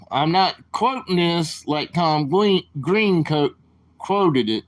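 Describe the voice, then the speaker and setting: A man rambles through casual talk on his live stream, drawing out his words at a slow, unhurried pace. His speaking voice sits fairly high for a man. He drifts between stories and apologies in a loose, informal way. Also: expressive.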